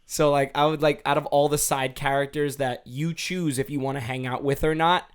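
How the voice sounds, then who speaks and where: A man's voice: a little high, steady tone, moderate pace, smooth. A man co-hosting a casual podcast chat, talking in a laid-back, slangy way. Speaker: podcast co-host.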